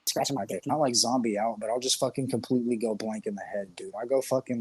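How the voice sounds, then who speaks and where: A man co-hosting a casual podcast, spinning long crude jokes in a husky, slightly rough voice. He swears freely, restarts his sentences and breaks into laughter along the way. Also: medium pitch, quick pace, hardly any pauses, a little mellow, no echo. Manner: rambling, profane, joking, laughs often. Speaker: podcast co-host.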